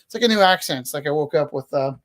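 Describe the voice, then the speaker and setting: A man's voice: fairly high pitch, expressive, fast talker. A man in his fifties, an artist auctioning his own paintings in a rambling, self-deprecating, jokey way. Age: 50s. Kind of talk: casual live-stream chat. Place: art studio, indoors.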